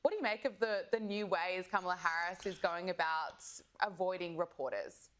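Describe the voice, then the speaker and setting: A woman's voice: on the low side, moderate pace, a bit bright. Sardonic woman hosting a commentary show. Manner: sardonic, leads into clips. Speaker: show host. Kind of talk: scripted political commentary.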